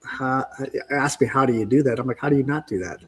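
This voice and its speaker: A man talking casually on a podcast, telling fast, animated stories about his busy workday. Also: medium pitch, slight background noise. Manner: fast, animated storytelling with exclamations. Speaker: podcast guest, fence business owner.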